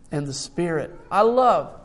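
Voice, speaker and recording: An older man preaching a sermon, emotional and tired, reading scripture aloud with rising emphasis. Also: fairly high pitch. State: tired from little sleep.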